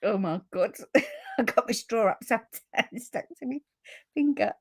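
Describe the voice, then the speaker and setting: Husky and a little high, the voice belongs to a woman in her fifties running a live papercraft stream. She speaks at a measured pace with huge swings in pitch, giggling often and saying sorry each time she breaks up.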